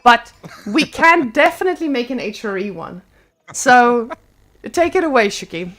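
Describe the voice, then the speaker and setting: A woman's voice: a little high, expressive, normal speed, fairly bright tone. A woman casting a live strategy game match, playful and joking. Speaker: esports caster.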